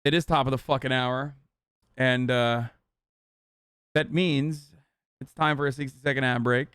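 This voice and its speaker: A man's voice: medium pitch, steady tone, unhurried, fairly bright tone, smooth, no room sound, studio quality. A man in his thirties streaming live, reacting with blunt, mocking, profane commentary.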